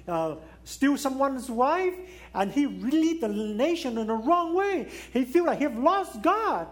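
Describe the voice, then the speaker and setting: A man preaching a sermon in non-native English, swinging between raised exclamations and hushed, low pleading.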